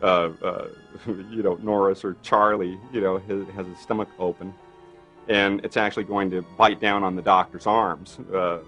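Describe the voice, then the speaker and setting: Animated man telling a behind-the-scenes story. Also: low voice, moderate pace, faint music behind. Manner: animated storyteller, acts out others' lines, many fillers. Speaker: special makeup effects artist. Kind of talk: interview anecdote.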